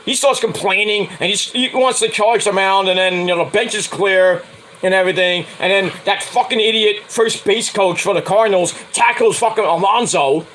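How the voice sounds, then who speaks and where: A man's voice: high-pitched, normal speed, a bit bright, slight background noise, poor audio. A man hosting his own stream, ranting in a profane, heated, rambling way about sports. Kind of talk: casual sports rant.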